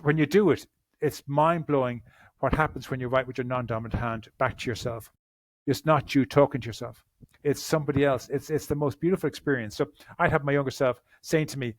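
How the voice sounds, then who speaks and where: A man's voice: medium pitch, dry recording. A man, a therapist answering podcast interview questions in an earnest way, often repeating words as he starts a sentence.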